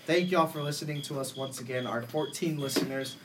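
A man's voice: mid-range voice, brisk. A man hosting a podcast in casual chat, teasing and joking, saying y'all. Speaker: podcast host. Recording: noisy home recording.

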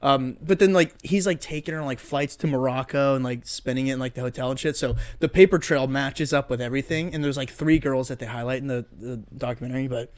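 A man's voice: mid-range voice, quick pace, few pauses. A young man hosting a casual podcast chat, swearing a lot and acting out quotes as he rambles through a story. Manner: profane, rambling storyteller who acts out quotes. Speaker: podcast host.

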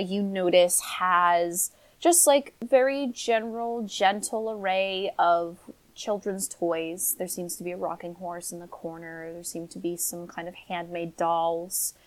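A woman's voice: fairly low pitch, poor audio. A woman narrating a tabletop game as game master in a casual, loose way with many fillers.

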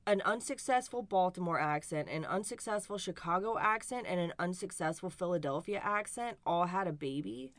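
A woman co-hosting a podcast in casual chat, wry and deadpan, swearing freely. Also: lowish voice, normal speed, few pauses, no echo. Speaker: podcast co-host.

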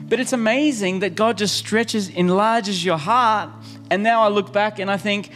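A male pastor with a high voice preaches to his congregation, earnest and insistent, circling back to the same phrases. Soft music sits under his words. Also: moderate pace. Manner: earnest, repeating key phrases for emphasis. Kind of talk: sermon. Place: church service.

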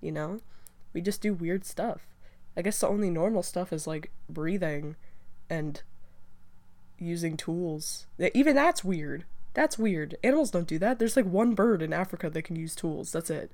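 A woman's voice: fairly low pitch, animated, normal speed, a little mellow. Chatty young woman rambling casually. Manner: rambling, chatty, frequent fillers and restarts. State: stuffy with allergies. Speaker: podcast host. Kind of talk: casual solo chat.

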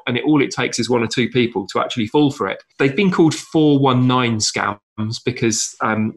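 A man from southern England co-hosting a language podcast, talking casually with many fillers. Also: mid-range voice. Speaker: podcast co-host. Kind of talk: casual discussion.

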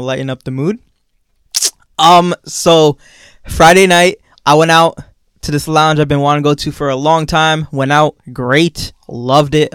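Animated young man with a smooth voice. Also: mid-range voice, no echo, clean studio sound. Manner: animated, laughs often while telling stories. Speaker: podcast co-host. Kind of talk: casual podcast chat and storytelling.

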